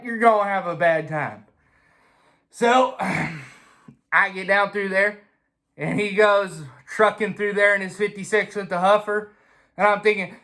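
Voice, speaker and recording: A man telling a casual, swear-filled story in an animated way. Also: sits high, unhurried. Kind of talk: casual anecdote.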